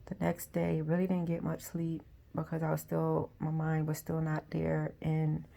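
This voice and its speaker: A woman speaks low and flat, her voice heavy with gravel. She tells a personal story softly and haltingly, often slipping toward a whisper, in a dark, husky tone. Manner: soft, halting, with frequent pauses and restarts; often drops to a near whisper. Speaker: vlogger.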